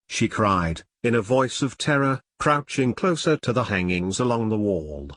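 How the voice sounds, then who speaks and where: A man narrating an old novel as an audiobook in a steady, measured way. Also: lowish voice, no echo.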